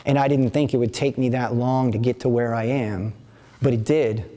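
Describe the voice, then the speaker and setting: A man's voice: medium pitch, fairly even intonation, normal speed, dark tone. A man in his fifties teaching a live workshop, talking in a rambling, conversational way with many restarts and asides. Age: 50s. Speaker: qigong teacher leading a workshop. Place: events center before a live audience.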